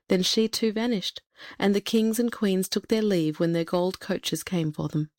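A woman narrating a fairy tale in a steady, expressive read-aloud manner. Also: medium pitch, a little slow, no room sound, clean studio sound. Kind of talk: storybook narration.

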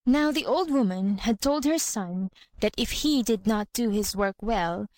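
A woman reading a folk tale aloud in an even, clear, unhurried way. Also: mid-range voice, no room sound. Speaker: reader. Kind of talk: storybook reading.

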